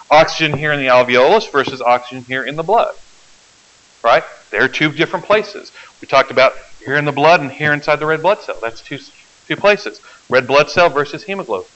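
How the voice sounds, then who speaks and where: Male lecturer, slightly high voice, explains step by step and checks in with the class; lo-fi classroom recording. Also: lively intonation, a little fast, sharp tone. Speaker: biology lecturer. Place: lecture hall.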